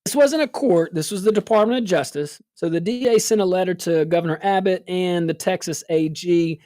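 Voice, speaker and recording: A woman's voice: fairly low pitch, fairly quick, warm tone, no echo, studio quality. A woman hosting a political talk show, sarcastic and full of rhetorical questions. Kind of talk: casual political commentary.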